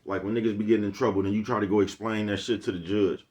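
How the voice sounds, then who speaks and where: Deep-voiced man rambling casually to camera. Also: flat delivery, fast, a little mellow. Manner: rambling, profane, streetwise slang, keeps asking "you know what I'm talking about". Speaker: vlogger host. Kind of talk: casual motivational monologue.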